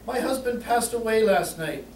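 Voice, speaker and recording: A man's voice: sits high, expressive, moderate pace, a little mellow. A man voicing a tearful Irish widow in a told joke, raising his voice in a pleading tone. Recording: roomy, distant, faint room noise.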